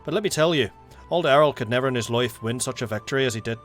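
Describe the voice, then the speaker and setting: A man's voice: medium pitch, fast talker, soft background music, lightly acted. A man voicing a boastful old male warrior who tells battle tales in a put-on Irish accent that he does poorly. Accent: put-on Irish accent, poorly done. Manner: storytelling, proud and rousing.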